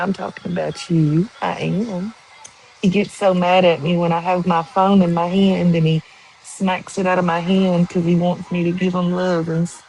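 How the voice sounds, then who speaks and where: A woman's voice: fairly low pitch, darkish tone, slight background noise, poor audio. A woman chatting casually and rambling to viewers on a live stream. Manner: slow, rambling, with many ums and likes.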